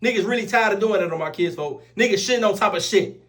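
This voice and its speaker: A young man tells a story in a high voice, loose and animated, packed with profanity. He keeps swearing on his kids after nearly every sentence, in a casual storytelling style. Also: fast talker. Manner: animated, profane street slang, repeats oaths like "on my kids, folks". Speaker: storyteller vlogger.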